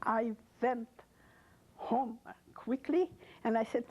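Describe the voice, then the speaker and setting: An older woman from Poland giving an oral history testimony, speaking in halting, emotional English with broken non-native grammar. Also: fairly high pitch, darkish tone, dull audio. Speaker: interviewee.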